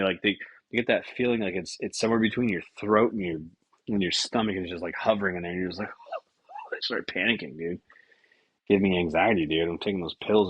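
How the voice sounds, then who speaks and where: A man's voice: sits low, breathy edge, no echo. A young man hosting a podcast, telling rambling, profane stories full of fillers in a casual way. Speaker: podcast host. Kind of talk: casual storytelling.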